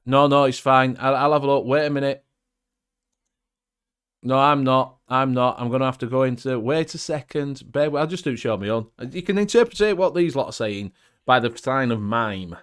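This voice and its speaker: Male co-host, quick teasing banter. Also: medium pitch, fairly bright tone, smooth. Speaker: podcast co-host. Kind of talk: casual group chat.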